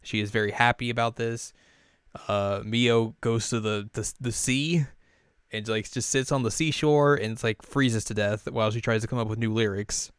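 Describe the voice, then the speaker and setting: A man's voice: mid-range voice, steady tone, moderate pace, smooth, no room sound, clean studio sound. A man hosting a podcast, chatting through an episode recap with fillers and laughs. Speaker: podcast host.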